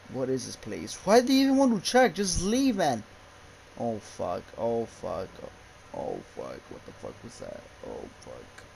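A young gaming YouTuber plays a horror game, swearing, yelping at the scares, and nervously muttering to himself in a jumpy way. His medium-pitched voice has vocal fry and a dark tone, and the low-quality recording carries a slight hiss or hum.

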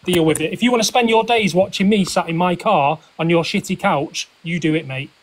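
A man's voice: high-pitched, brisk. A man streaming live, arguing defensively and swearing at callers. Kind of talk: heated live stream argument.

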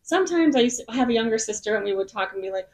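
A woman's voice: on the high side, animated, rapid-fire, a little mellow. A woman singer-songwriter as a podcast guest, telling stories in a bubbly, rambling way. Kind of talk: casual podcast chat. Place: in Nashville.

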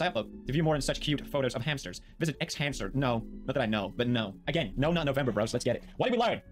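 Dude rattling through meme reactions super fast, laughs a lot, soft music in the back. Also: male voice, a little high. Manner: animated, jokey, laughs often, talks to his pets. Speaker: video host. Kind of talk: reaction commentary on online posts.

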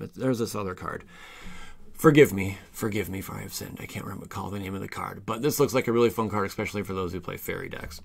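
A man with a lowish voice and vocal fry hosts a card game channel, where he gets excited going over new card spoilers in a casual style. He reads card text out loud and trips over his words.

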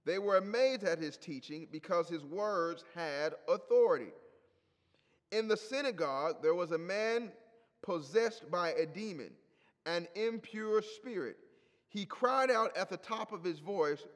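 High-voiced man preaching in a reverberant hall. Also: expressive, unhurried. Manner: emphatic preaching with repeated phrases. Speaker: pastor. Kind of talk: sermon.

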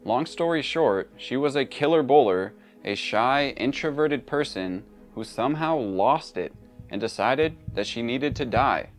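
A man's voice: mid-range voice, animated, measured pace, faint music behind. A man narrating a true crime story in a conversational way, with casual asides.

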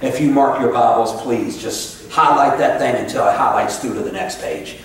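A man preaching a sermon, talking to the congregation in a conversational, sometimes sarcastic way and reading scripture slowly. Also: medium pitch, slight background noise. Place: church sanctuary. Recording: echoey church sanctuary, mic at a distance.

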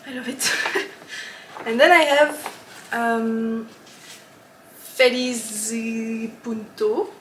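A woman's voice: on the high side, slow, a bit bright, roomy sound, a little hiss or hum. Giggly, chatty woman podcast host. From lives in Switzerland. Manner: chatty and giggly, with frequent ums and laughs. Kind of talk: casual podcast chat.

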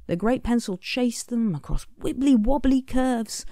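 A woman, an author, reading her picture book aloud expressively, often dropping into a soft whisper. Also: a little high, a little slow, no room sound, clean studio sound. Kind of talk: storybook read-aloud.

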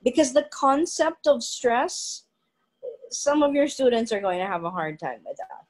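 A woman, an English teacher, who explains pronunciation tips deliberately in a casual panel discussion. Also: on the high side, big pitch swings, a little mellow, low-quality recording.

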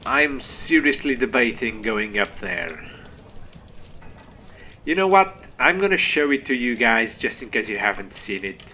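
A man hosting a gaming video, giving excitable, animated let's play commentary to his viewers. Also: mid-range voice, unhurried, a little hiss or hum.

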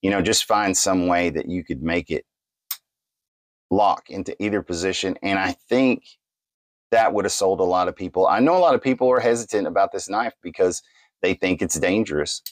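A man's voice: low-pitched, normal speed, no room sound. A man giving a casual product review of a knife, rambling along with many fillers and restarts.

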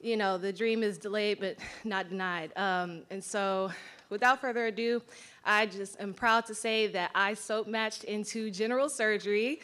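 A young woman, newly graduated from medical school, gives a grateful match day speech. Her voice is bright and forceful, and she pauses often between the names she thanks. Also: medium pitch, steady tone. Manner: grateful, emotional thank-yous.

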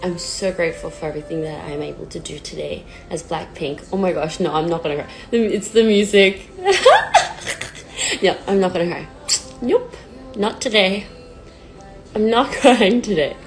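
A woman's voice: fairly low pitch, expressive, a little fast, gravelly, soft background music, poor audio. A woman in her twenties talking on a phone livestream, nervous and near tears, hesitant and self-deprecating, with many fillers. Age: 20s. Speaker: pop singer on a livestream. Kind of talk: casual livestream chat. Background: sad song playing faintly.

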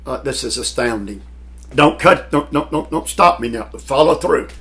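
A man preaching a sermon to a Bible class, emphatic, with dramatic pauses and swells in volume. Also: medium pitch, expressive, creaky, a bit bright. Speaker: pastor teaching a Bible class.

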